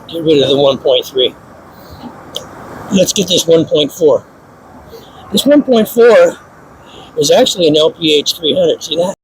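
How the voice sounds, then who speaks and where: A man giving a casual hands-on painting demonstration in a workshop, snarky and self-mocking, with sudden excited outbursts. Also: on the high side, a little slow, pauses often, slight background noise, poor audio. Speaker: paint instructor.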